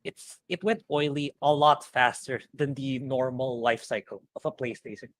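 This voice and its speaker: A man's voice: mid-range voice, steady tone, normal speed. A man co-hosting a casual podcast, stammering through his thoughts and breaking into giggles. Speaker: podcast co-host. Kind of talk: casual chat.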